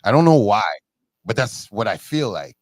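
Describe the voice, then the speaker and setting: A man in casual chat who tells stories animatedly, jumping up in pitch when he quotes people. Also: normal speed, no room sound. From Canada. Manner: animated storyteller, jumps high in pitch for quoted speech.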